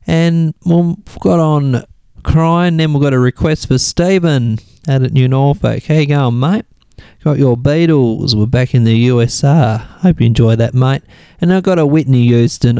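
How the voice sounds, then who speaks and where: An Australian man with a mellow, medium-pitched voice hosts a casual radio music show, recorded with no room sound. Between songs he rambles and thinks aloud while searching things up online.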